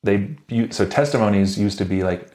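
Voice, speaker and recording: Very deep-voiced man in echoey room. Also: normal speed, warm tone. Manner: encouraging, rambling with restarts. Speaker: podcast host. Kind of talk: casual faith conversation. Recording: roomy echo.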